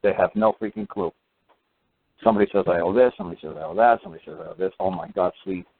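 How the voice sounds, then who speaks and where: A man's voice: sits low, very fast, gravelly. A man telling a long story in a casual, rambling way, full of fillers and restarts. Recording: tinny phone line.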